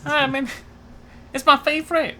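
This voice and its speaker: Man doing a mock Vietnamese accent, broken English, bright and teasing. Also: very high-pitched, little pitch movement, normal speed, a little hiss or hum, pitched above the performer's own voice, exaggerated voice. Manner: broken put-on English, mocking. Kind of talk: casual chat, livestream.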